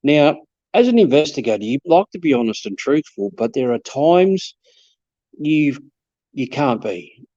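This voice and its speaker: A man recounts his investigations in a relaxed, halting way, often doubling up his words and acting out what people said. His voice is dark and mellow. The sound is dry, close and a little dull, as if from a modest mic. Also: a little high, no echo. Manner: hesitant, repeats words, quotes people in his stories. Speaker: paranormal investigator. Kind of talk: casual storytelling chat.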